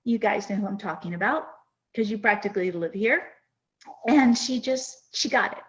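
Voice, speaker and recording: A woman's voice: mid-range voice, normal speed. A woman in her fifties hosting a podcast, telling a personal story in an earnest, reflective and emotional way. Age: 50s. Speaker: podcast host. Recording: dull lo-fi sound.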